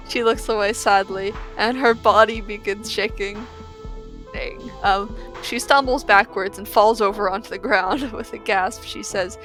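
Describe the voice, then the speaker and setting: A woman's voice: medium pitch, fairly even intonation, a little slow, bright, forceful tone, soft background music. A woman playing a text-based game, reading its passages aloud and giggling through casual reactions in between. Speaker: let's player.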